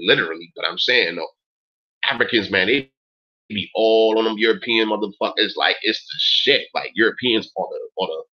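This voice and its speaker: A man in his forties hosting a talk stream, ranting in an emphatic, profane way and peppering his speech with "yo" and "man". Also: fairly low pitch. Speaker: host. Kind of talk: casual rant on a talk stream. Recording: dull lo-fi recording.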